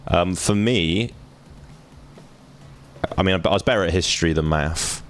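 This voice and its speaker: A male streamer with a low, deep voice, talking casually to his viewers. He jokes around and reads lines aloud as he plays. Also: a little slow, slight background noise. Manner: joking, reading game text aloud. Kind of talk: casual gaming commentary.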